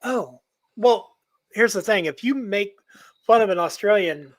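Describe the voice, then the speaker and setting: Guest dude on a podcast, kinda high voice, rambly and goofy. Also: male voice, unhurried. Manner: playful, rambling, self-deprecating. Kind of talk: casual podcast chat.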